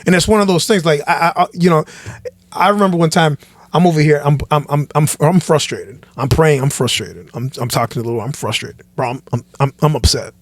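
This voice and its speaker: Animated preachy man, dry close mic. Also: fairly high pitch, a little fast, no room sound. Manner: animated, preachy, repeats and restarts phrases. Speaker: pastor, podcast guest. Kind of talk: casual podcast chat.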